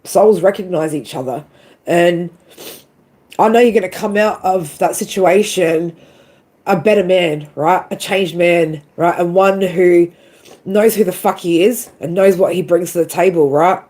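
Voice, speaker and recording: A woman's voice: on the low side, a little slow, darkish tone. A woman doing a live tarot stream, tearful and emotional, swearing freely and tagging lines with "right?" and "man". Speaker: tarot reader.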